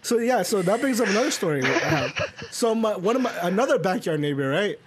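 A man's voice: high-pitched, big pitch swings, brisk, noisy background. A young man co-hosting a podcast, telling rambling stories in casual chat and swearing a lot. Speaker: podcast co-host.

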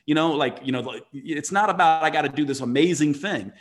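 A man's voice: on the high side, a little fast. A man telling a motivational story in conversation, earnest and emphatic, often restarting his sentences.

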